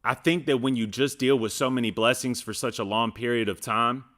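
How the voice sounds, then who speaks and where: A man's voice: mid-range voice, steady tone, fairly quick, fairly bright tone. A man in his thirties talking earnestly and casually to his viewers, often restarting his sentences. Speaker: reaction channel host. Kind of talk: casual heartfelt personal talk to viewers.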